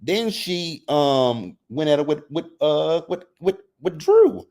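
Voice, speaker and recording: A man hosting a casual reality TV recap, reading chat comments and reacting in a sassy, animated way. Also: slow pace, hardly any pauses. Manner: sassy, animated, mimics cast members with exaggerated high voices; repeats phrases for emphasis.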